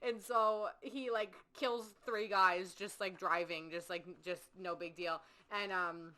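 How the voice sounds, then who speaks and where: Woman podcast co-host, bright voice, loose swearing true-crime chatter. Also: medium pitch, steady tone, takes it slowly. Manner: chatty, swears freely, acts out quotes. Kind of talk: casual true-crime chat.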